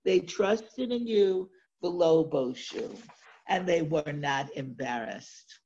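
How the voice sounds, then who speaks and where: A woman teaching a lesson on a sacred text, reading verses aloud and translating them in a slow, deliberate way. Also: low voice, mellow, breathy edge. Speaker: Torah teacher. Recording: dull lo-fi recording.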